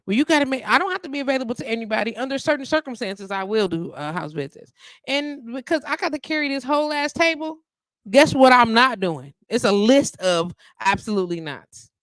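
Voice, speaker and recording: A woman hosting a live internet radio show in casual chat. She is sassy and animated, and she acts out the people she talks about in quoted voices. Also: on the high side, brisk, dry recording, studio quality.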